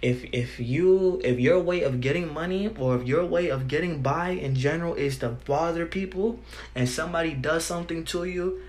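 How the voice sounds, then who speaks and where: This young man's voice is on the high side and a little mellow, moving at a moderate pace through a heated, profane to-camera rant full of "bro" and restarts. The room echoes, with faint ambience behind him.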